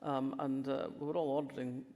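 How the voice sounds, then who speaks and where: A woman's voice: a bass voice, little pitch movement, a little fast, warm tone. A woman in her sixties from Fife with a polished Scottish accent, a guest telling wry stories in a live stage conversation, with frequent restarts. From Fife, Scotland. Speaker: guest crime writer. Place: festival hall stage. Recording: long hall reverb, festival stage.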